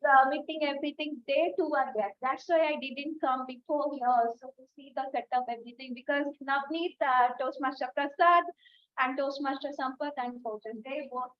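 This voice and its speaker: High-voiced woman giving effusive thanks. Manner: warm, effusive and emotional, with many fillers. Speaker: area leader closing a club meeting. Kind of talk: closing thank-you speech. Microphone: video call. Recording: dull lo-fi video call recording.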